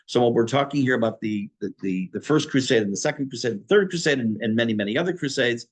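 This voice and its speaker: A middle-aged man, a rabbi, teaching a history class in a conversational way, pausing for asides to his listeners. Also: medium pitch, expressive. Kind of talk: informal history lecture.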